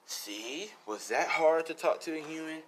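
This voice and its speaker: A man voicing a gentle ghost girl, a caring big sister, in a soft, raised, pleading voice. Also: fairly high pitch, animated, unhurried, slight background noise.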